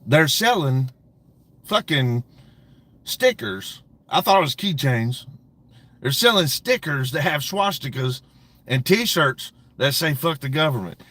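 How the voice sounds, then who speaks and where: A man's voice: fairly high pitch, sing-song, slow, fairly bright tone, dry recording. A man hosting a casual livestream, talking to his chat in a profane, mocking way and laughing often. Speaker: livestream host.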